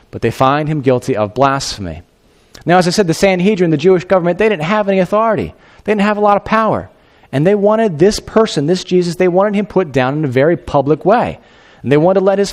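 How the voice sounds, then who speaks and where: Animated storytelling pastor, man. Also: a little high. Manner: animated, acts out the quoted figures in a raised voice; conversational, with asides to the congregation. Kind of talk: sermon storytelling.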